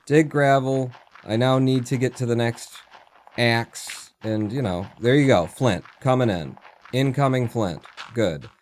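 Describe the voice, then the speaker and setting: A man's voice: medium pitch, a little mellow. A man streaming a video game, chatting casually and muttering to himself as he plays, with the odd swear word. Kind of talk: casual gameplay commentary.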